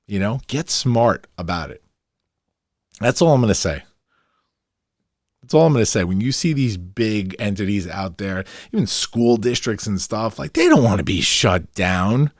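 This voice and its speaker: A man's voice: low-pitched, expressive, normal speed, no room sound, studio quality. A brash, emphatic middle-aged man, hosting a podcast in an opinionated monologue. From New York, Long Island. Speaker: podcast host.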